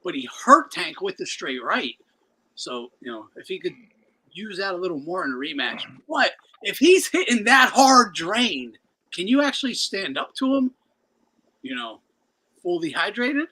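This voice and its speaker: Man, boxing podcast co-host, bright and husky, lively pitch, casual profane chat. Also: unhurried, rough recording. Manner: coughing fits, profane.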